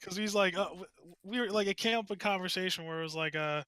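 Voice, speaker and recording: A man co-hosting a casual podcast, telling stories in an animated, rambling way and swearing freely. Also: sits high, fast talker, clear, resonant tone, dry recording. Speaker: podcast co-host.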